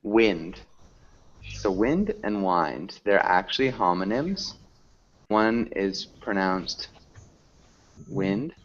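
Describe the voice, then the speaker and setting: A man's voice: lowish voice, expressive, muffled recording. A man teaching an English class online, patiently asking students questions and explaining words. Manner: patient, slow, asks questions.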